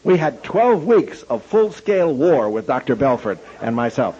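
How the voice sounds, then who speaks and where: A man preaching, telling a story animatedly and acting out the dialogue in a husky voice. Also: mid-range voice, sing-song, moderate pace, mellow. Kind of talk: sermon storytelling. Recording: dull lo-fi recording.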